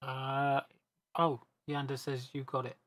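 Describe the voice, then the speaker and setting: A man's voice: mid-range voice, level tone, slow pace, a bit bright. A man on a gaming voice chat, telling a long joke casually and rambling, with restarts and self-corrections. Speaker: gamer on a team voice chat.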